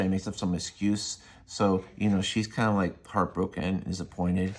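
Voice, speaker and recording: A man's voice: fairly low pitch, little pitch movement, unhurried, darkish tone. A man casually retelling a comic book story in a rambling way, full of fillers. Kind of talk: casual spoken review.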